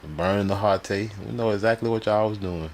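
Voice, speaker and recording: Man, very low voice, live streamer, reads sources aloud, slangy mocking commentary, faint background noise. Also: a little mellow. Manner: loose slangy talk, quick to laugh and mock.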